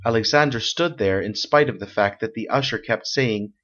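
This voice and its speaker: A man reading a story aloud, in steady, measured narration. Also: on the low side. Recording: dull lo-fi recording.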